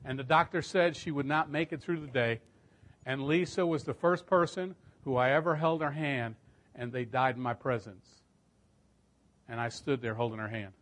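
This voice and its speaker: A middle-aged man preaching a storytelling sermon, emphatic and swelling louder at key points. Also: mid-range voice, fairly even intonation, moderate pace.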